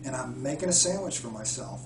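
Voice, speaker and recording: A man's voice: medium pitch, animated, a little fast, noisy background. A man, a spiritual healer, earnestly telling stories in an interview, often restarting his sentences. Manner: earnest, heartfelt storytelling with frequent restarts. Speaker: spiritual healer and retreat guide. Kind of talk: interview conversation. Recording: echoey room, far from mic.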